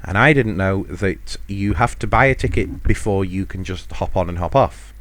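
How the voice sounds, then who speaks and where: A deep-voiced man from the United Kingdom, fairly bright in tone and at a moderate pace, tells a self-deprecating, wandering holiday story on his solo podcast, chuckling often. There's no room sound.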